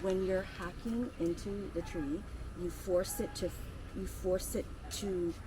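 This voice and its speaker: A woman's voice: on the low side, fairly even intonation, measured pace. A young woman vlogging casually as she shows family around a rural yard, chatting and laughing as she acts out what relatives said. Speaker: vlogger giving a family tour. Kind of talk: casual chat. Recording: loud outdoor noise with animals and traffic.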